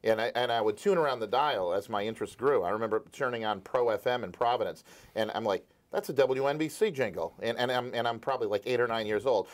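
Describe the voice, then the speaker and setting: A man's voice: fairly low pitch, quick pace. A man in his forties from Rhode Island, a radio station owner, telling his story eagerly in a casual interview with many restarts.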